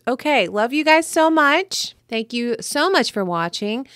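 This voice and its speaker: A woman's voice: fairly high pitch, very animated, measured pace, hardly any pauses, a bit bright, dry recording, studio quality. A young woman, chatting playfully through a makeup tutorial and talking straight to her viewers. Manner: chatty, playful, talks to camera. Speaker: makeup artist vlogger. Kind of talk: casual tutorial chat.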